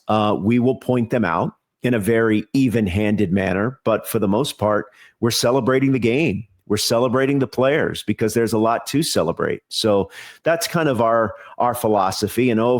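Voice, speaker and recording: Measured, low-voiced man talking baseball. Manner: measured, earnest, frequent fillers and restarts. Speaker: TV baseball show host, guest. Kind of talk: podcast interview.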